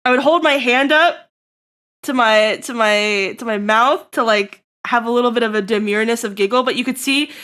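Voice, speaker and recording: A woman streamer in casual live-stream chat, rambling and breaking into loud laughter, her throat getting tickly. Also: a little high, moderate pace.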